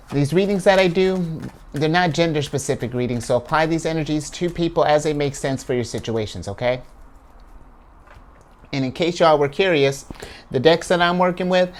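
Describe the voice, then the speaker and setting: A man hosting his own channel and giving a casual tarot card reading in an upbeat, chatty way, drawing words out and laughing often. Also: a little high.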